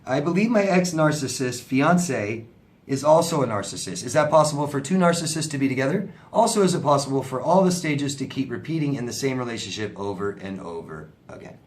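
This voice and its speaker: A man's voice: mid-range voice, animated, a little fast. A man answering viewer questions as a relationship coach, in a conversational, sympathetic way, often asking "right?". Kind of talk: casual advice talk.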